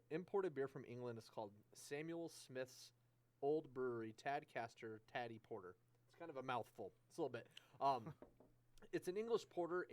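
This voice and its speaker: A married man co-hosting a casual podcast, upbeat and easygoing as he presents a beer. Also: mid-range voice. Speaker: podcast co-host. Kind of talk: casual chat.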